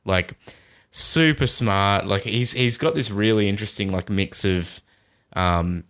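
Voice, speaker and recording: A man co-hosting a podcast in easygoing, enthusiastic chat full of halting restarts, talking over an online call. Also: on the low side, fairly bright tone. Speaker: podcast co-host. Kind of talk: casual chat.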